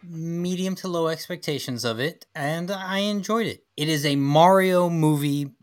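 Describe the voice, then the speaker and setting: A man's voice: a little high, unhurried, dry recording. Man musing in a dry, close recording. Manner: thoughtful, weighs his words and repeats key phrases. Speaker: podcast co-host. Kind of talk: casual movie-review chat.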